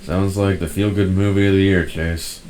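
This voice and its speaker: A man with a low voice reading the lines of a blunt, foul-mouthed, always-hungry young male furry friend in a visual novel. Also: level tone, normal speed, darkish tone, faint music behind, lightly acted. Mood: gruff.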